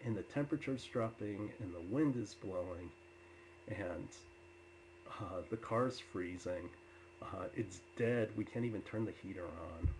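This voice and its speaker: A man telling personal stories to an audience with many filler uhs, turning loud and animated when he quotes himself. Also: on the low side, unhurried, a little hiss or hum, rough recording. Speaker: storyteller. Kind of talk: personal storytelling talk.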